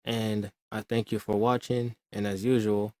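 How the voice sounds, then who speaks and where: A man explaining music production in a calm, measured tutorial voice. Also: on the low side, dry recording. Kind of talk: screen-recorded tutorial.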